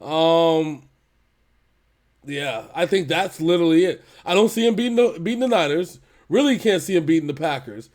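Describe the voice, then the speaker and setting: A man's voice: on the high side, animated, a little mellow. Exasperated, swearing male football co-host. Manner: exasperated, swears a lot, quick laughs. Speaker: podcast co-host. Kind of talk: casual sports chat.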